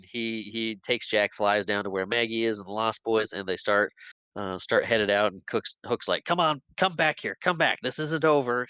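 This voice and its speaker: A man's voice: on the low side, bright, forceful tone, clean tone, dry recording, poor audio. A man casually recapping a film scene by scene on a podcast, rambling a bit and laughing often. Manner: rambling play-by-play retelling, acts out quotes, laughs often. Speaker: podcast host.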